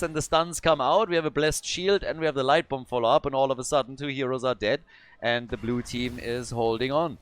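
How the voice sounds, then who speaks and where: A man casting a live esports match, calm analysis broken by sudden bursts of hype. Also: mid-range voice, brisk, clean tone. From Germany. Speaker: esports caster. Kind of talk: live esports play-by-play commentary.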